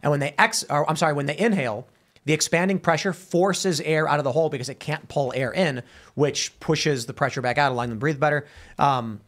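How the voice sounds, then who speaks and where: A man's voice: fairly high pitch, brisk. A man hosting a talk show, telling stories with lots of restarts and stumbles. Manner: animated storytelling with many restarts. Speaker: podcast host. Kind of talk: casual studio talk show.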